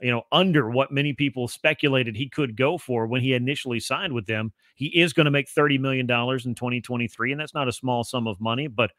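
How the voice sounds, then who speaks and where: A man's voice: medium pitch, fast, hardly any pauses, a bit bright, dry recording. A man who is a guest analyst on a sports podcast, explaining at length in a fluent, casual way.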